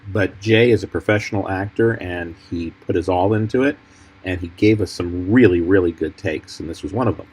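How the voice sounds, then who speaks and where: A film editor walks through his cuts in a measured, explanatory tone. His voice is very deep and husky. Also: darkish tone, low-quality recording. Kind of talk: commentary over film clips.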